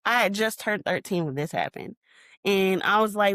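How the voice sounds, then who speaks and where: A woman's voice: medium pitch, normal speed, dry recording. Woman telling a painful memory, dry close mic. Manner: emotional retelling, reenacting her own shouts. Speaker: podcast guest. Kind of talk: personal storytelling interview.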